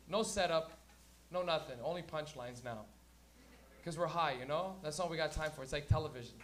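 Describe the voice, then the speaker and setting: A man's voice: fairly high pitch, fairly bright tone, slight background noise. A man doing crude, rambling live stand-up comedy as host, acting out characters for a crowd. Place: comedy venue before a live audience.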